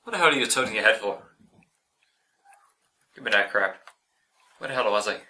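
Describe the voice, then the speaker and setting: A man's voice: fairly low pitch, lively intonation, normal speed, sharp tone, recorded from a distance, slight background noise. Flustered man fumbling comedy lines. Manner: flustered, frequently stumbling, swearing and restarting lines; attempts a shaky Irish accent. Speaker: amateur video maker. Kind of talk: comedy outtakes, goofing through a script.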